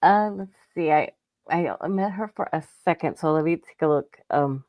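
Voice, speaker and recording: Middle-aged female co-host, excitable and giggly, lower voice, dry recording. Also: normal speed, dry recording, muffled recording. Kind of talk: casual storytelling chat.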